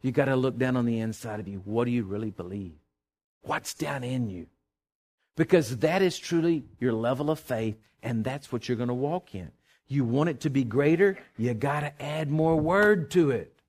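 A middle-aged man, a pastor preaching a sermon and telling a personal story in a folksy, animated way. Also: mid-range voice, moderate pace.

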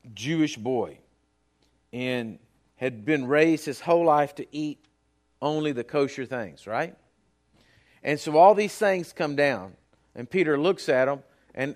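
Male preacher, high-pitched, dynamic sermon delivery that swings hushed to loud. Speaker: pastor.

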